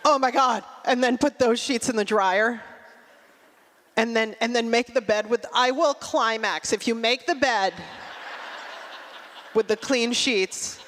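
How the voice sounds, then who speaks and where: A middle-aged woman doing a stand-up comedy set, with a dry, deadpan delivery and quick asides. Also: on the high side. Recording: long hall reverb.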